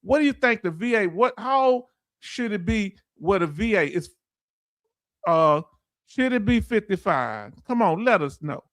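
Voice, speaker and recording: A man's voice: sits high, lively intonation, measured pace, fairly bright tone, no echo, clean studio sound. A middle-aged man with a Southern US accent hosting a casual livestream, joking, laughing and reading out viewer comments. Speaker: livestream host.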